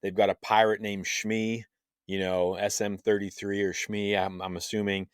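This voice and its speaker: Animated low-voiced man, dry sound. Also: moderate pace, clean tone, no room sound. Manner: animated, acts out character lines in a high voice. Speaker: podcast co-host. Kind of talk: casual fan chat.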